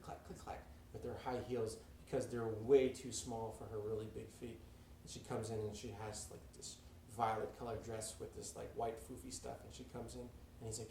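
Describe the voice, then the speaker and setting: A man's voice: fairly low pitch, little pitch movement, moderate pace, creaky, warm tone, reverberant, distant mic, slight background noise. A man telling an improvised story in a casual, rambling way with lots of filler words. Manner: rambling, filler-heavy narration.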